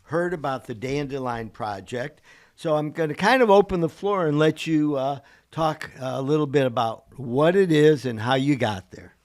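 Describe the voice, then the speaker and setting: Easygoing male podcast host, slightly high. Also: moderate pace, a little mellow. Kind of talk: interview questions.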